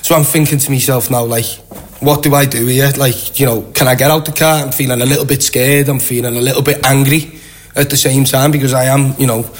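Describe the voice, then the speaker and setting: A young man with a Liverpool accent, a guest telling a long, animated anecdote with lots of quoted voices. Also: medium pitch, fairly quick. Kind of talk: casual storytelling.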